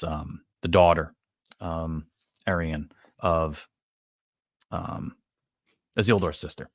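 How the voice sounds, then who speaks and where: This is a man with a deep, low voice hosting a live podcast. He recaps a show in a loose, rambling way, full of fillers and casual profanity. The sound is dry and close, with no room around it. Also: dry recording. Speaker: podcast host.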